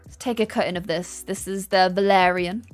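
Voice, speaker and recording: A woman's voice: lowish voice, fairly even intonation, moderate pace, soft background music. A woman live-streaming a game, chatting and gushing thanks to her chat. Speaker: gaming streamer.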